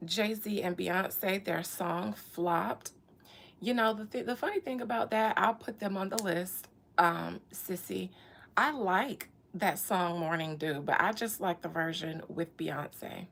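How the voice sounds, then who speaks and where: A woman's voice: fairly low pitch, slow, vocal fry, fairly bright tone, slight background noise. A woman vlogger in casual chat, joking playfully and laughing often.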